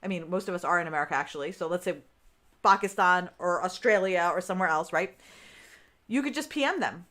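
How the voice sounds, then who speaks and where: A woman's voice: on the low side, expressive, fast, pushed and bright. Chatty woman coach talking to viewers. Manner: chatty, keeps asking "right?"; talks straight to her viewers. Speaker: business coach. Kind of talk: live-streamed podcast chat.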